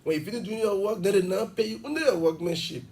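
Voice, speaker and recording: Fast, emphatic man. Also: high-pitched, creaky, a little mellow, distant mic. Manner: fast, emphatic explaining with examples. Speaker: education official guest. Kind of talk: television interview.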